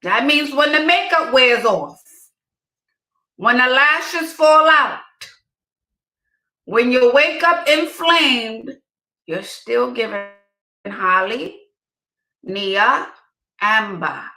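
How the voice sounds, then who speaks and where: A woman's voice: on the high side, drawn-out words, pauses often, sharp tone. A woman giving casual dating advice to her viewers, emphatic and repeating her key points. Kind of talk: casual direct-to-camera advice. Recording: roomy echo.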